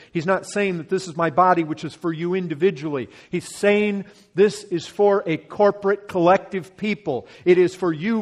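A man preaching a sermon, working through scripture verse by verse. He swings from loud, pressing emphasis to hushed, slowed lines. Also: high voice.

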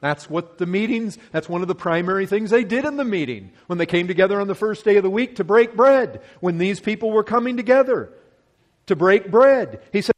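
A man preaches through scripture verse by verse, his voice sitting high with a sing-song lilt. He swings between loud, pressing emphasis and hushed, slowed lines.

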